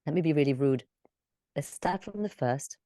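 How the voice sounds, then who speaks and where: Low, mellow-voiced woman coaching storytelling. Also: moderate pace, no echo, studio quality. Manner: expressive, shifting between demonstration and instruction. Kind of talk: live coaching session, demonstrating storytelling.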